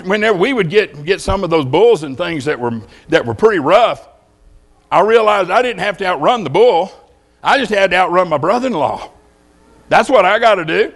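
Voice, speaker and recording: An older man preaching a sermon, telling homespun stories and jokes in a folksy way. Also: high voice.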